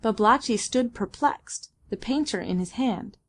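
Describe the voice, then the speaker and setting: A woman giving a steady, even audiobook narration. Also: on the high side, normal speed. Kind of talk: scripted narration.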